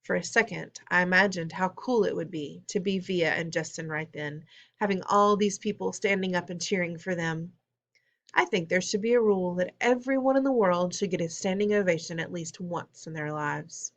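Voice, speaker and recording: A woman's voice: on the low side, normal speed. A woman narrating a storybook in the first person, plain and conversational. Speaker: audiobook reader.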